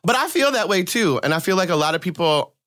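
Male podcast host, bright and animated, chatty. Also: high-pitched, fast. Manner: animated, chatty, laughs often. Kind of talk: casual chat. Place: studio with close mics.

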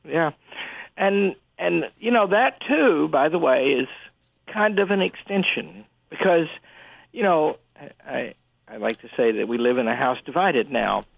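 A man speaking as a guest on a radio discussion, animated and prone to restarts as he tells stories and argues. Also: unhurried, creaky, dry recording. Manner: animated storyteller, lively pitch, frequent restarts. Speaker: guest commentator. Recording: phone-line quality, dry.

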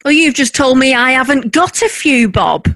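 An actress playing a sharp-tongued, sarcastic working-class wife and mother. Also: sits high, lively intonation. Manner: dry, sarcastic, drawn-out. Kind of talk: audio drama acting.

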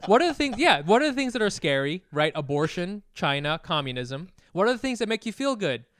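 A Vietnamese-American man in casual podcast chat who talks in restarts, swears and gets louder as he argues. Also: sits high, fairly quick, no room sound, studio quality. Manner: animated, laughing, swearing, restarts.

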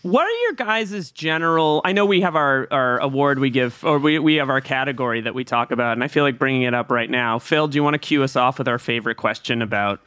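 A man co-hosting a podcast in casual chat, talking in an animated, exclaiming way and laughing often. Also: medium pitch, fast, few pauses, clear, resonant tone, no echo. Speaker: podcast co-host.

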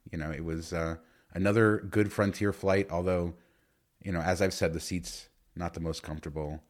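Low-voiced man telling a rambling story. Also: fairly even intonation, moderate pace. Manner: rambling storyteller with many fillers. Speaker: podcast co-host. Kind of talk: casual chat.

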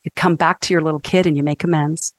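A woman in her fifties, a counselor and guest, talking in an animated, emphatic teaching way on a faith-based podcast. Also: low-pitched, quick pace, dry recording.

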